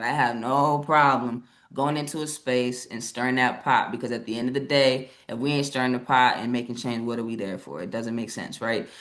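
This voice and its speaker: Brief: woman co-presenter, emphatic and passionate delivery, video-call audio. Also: very deep voice. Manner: passionate, emphatic, tags points with "right?". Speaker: webinar co-presenter. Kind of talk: live online presentation discussion.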